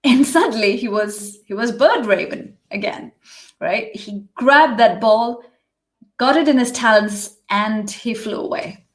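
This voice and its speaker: A woman telling a myth in a live teaching session, measured, with restarts and asides. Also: a little high. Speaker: spiritual teacher. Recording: roomy echo.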